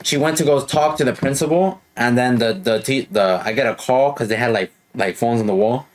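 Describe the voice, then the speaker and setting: A young man hosting a podcast, telling a casual story in a profane, animated way with frequent laughs. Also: mid-range voice, fairly quick. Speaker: podcast host. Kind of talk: casual chat.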